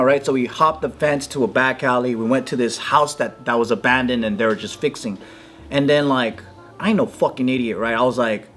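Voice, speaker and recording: A man telling a story in casual chat, animated, swearing freely and acting out quotes in a raised voice. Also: moderate pace. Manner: animated, swears a lot, acts out quotes in a higher voice. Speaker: podcast guest.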